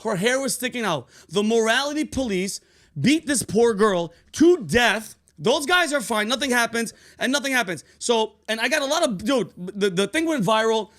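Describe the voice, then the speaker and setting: A man's voice: extremely high pitch, lively intonation, normal speed, a bit bright. A man hosting a comedy podcast, talking casually in an emphatic, profane way with lots of repetition. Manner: profane, emphatic, repeats himself. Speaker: podcast host.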